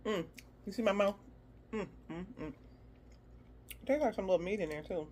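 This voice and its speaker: A woman's voice: mid-range voice, moderate pace, darkish tone, a little hiss or hum. A woman food vlogger giving a casual, playful review, humming and exclaiming as she tastes. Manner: chatty and playful, hums and exclaims while tasting.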